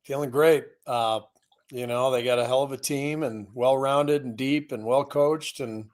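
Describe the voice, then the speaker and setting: A man talking as a guest coach in a relaxed, easygoing casual chat. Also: mid-range voice, measured pace.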